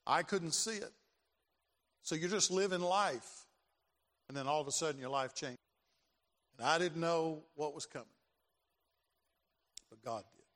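A man's voice: fairly high pitch, measured pace, long pauses, fairly bright tone. An older man preaching a sermon as pastor, dramatic and given to repeating his phrases. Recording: long reverb of a large hall.

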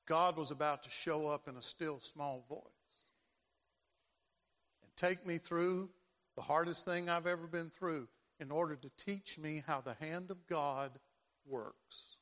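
A man, preaching a sermon and telling a personal story, acting out voices and building to loud emphasis. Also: on the high side, a little slow. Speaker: pastor. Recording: long hall reverb.

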